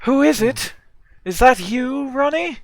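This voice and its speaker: A man's voice: very high-pitched, expressive, measured pace, a little hiss or hum, pitched above the performer's own voice, exaggerated voice. A man voicing a stuck-up adult woman in a fan game dub, with a haughty, vaguely disgusted drawl.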